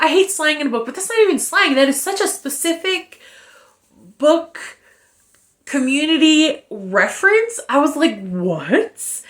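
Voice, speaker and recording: A woman giving a casual spoken book review, animated and sarcastic, with exasperated asides and the odd curse. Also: high voice.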